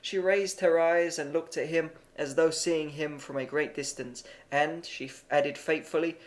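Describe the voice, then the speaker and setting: Male amateur audiobook narrator, plain and measured, with a somewhat high voice. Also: fairly even intonation. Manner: plain, measured reading with occasional stumbles.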